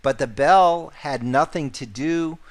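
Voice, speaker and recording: A man's voice: on the high side, takes it slowly. A man teaching a sales course, repeating key points and stressing important words. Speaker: sales trainer. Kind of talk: instructional course narration.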